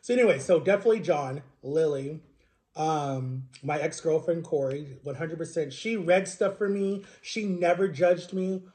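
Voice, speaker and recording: This is a man in his thirties, sharing his personal history on a vlog. His voice sits somewhat high but sounds soft and mellow. He talks in a rambling, earnest, emotional way, and keeps checking in with a quick "right?". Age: 30s. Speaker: vlogger. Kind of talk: personal storytelling to camera.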